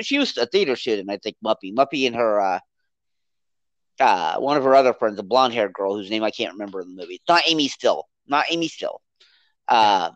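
A podcast co-host in a casual movie review chat, rambling and animated as they recount the plot. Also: medium pitch, no room sound. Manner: rambling, animated, acts out character quotes.

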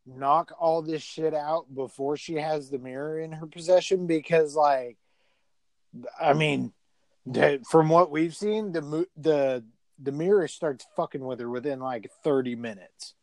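A man's voice: on the high side, a little slow, a little mellow, no room sound. A man retelling a movie in a casual chat, rambling and profane, with lots of filler words.

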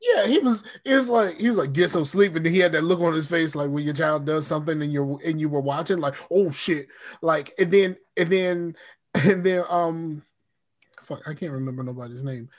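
A man's voice: on the high side, fairly quick. A man co-hosting a casual TV recap podcast, rambling and profane, often restarting his sentences. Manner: rambling, profane, repeats himself. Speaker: podcast co-host.

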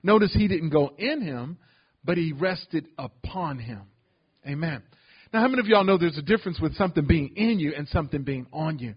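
A man's voice: on the high side, expressive, a little fast, husky, muffled recording. A man preaching a sermon as pastor, calling out to the congregation as he teaches. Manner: preaching with call-outs to the congregation.

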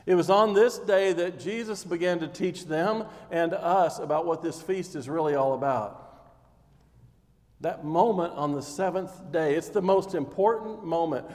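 A man with a high voice preaches a sermon and tells scripture like a story, acting out the scenes with growing intensity. His voice rings with long reverb, as in a large hall. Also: a little mellow.

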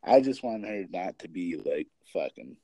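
A young man chats casually in a low, mellow voice, full of filler words and the odd curse. The sound is dry and close, with no room around it. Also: very animated, normal speed, husky, no room sound. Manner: rambling, heavy filler words and swearing. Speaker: parent and kids' basketball coach. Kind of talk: casual chat.

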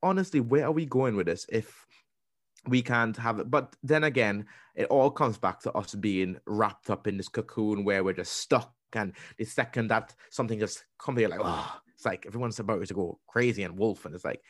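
A young man co-hosting a podcast, chatting in a lively way, acting out what people said and restarting his sentences. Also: on the low side, normal speed, dry recording, studio quality. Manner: animated storytelling, acting out quotes with restarts. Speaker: podcast co-host. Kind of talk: casual interview chat.

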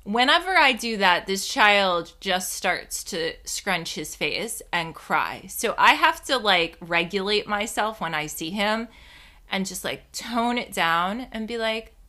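A young woman with a bright, forceful voice tells a story in a casual monologue. She is animated and self-mocking and swears freely, and her tone stays sharp throughout. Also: mid-range voice, slow pace.

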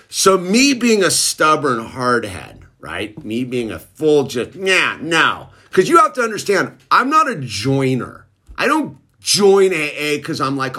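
Lively laid-back man telling a story. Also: on the high side, unhurried, husky. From Southern California. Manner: laid-back surfer slang, says dude a lot. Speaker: recovery storyteller. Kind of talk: casual storytelling.

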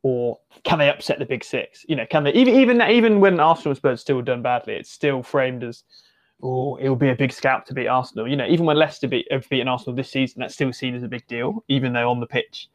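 A man talking football in a loose, rambling way, full of fillers and restarts, his voice sitting at an ordinary middle pitch. He sounds like he is thinking aloud, circling back to finish his points. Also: fast talker, hardly any pauses. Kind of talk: casual football discussion.

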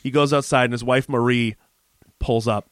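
A man talks through a TV episode in quick, animated bursts, peppering his sentences with "like" and the odd curse. His voice sits at a middle pitch. The sound is dry and close, with no room around it. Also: no room sound. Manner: rapid, animated retelling with lots of "like" and profanity. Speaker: podcast co-host. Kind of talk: casual chat recapping a TV episode.

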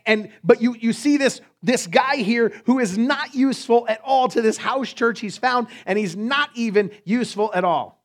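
Upbeat, joking high-voiced male pastor. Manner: playful, joking preacher with quick asides. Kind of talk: sermon.

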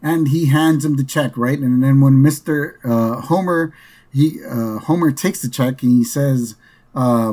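A podcast host with a warm, medium-pitched voice speaks unhurriedly. He casually recaps a cartoon episode in a rambling way, with lots of fillers and "right?" asides.

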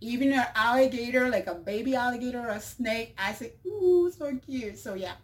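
A woman's voice: a little high, steady tone, brisk. A woman, a mother, hosting her own show in a casual monologue, chatty and full of fillers, often laughing. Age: adult mother. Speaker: show host.

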